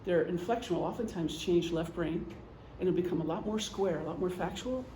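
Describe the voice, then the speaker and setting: In an echoey meeting room, a retired police officer in middle age gives a casual, humorous talk, chatting freely and acting things out with gestures. She speaks fairly quickly in a lowish, warm voice, and there's slight background noise.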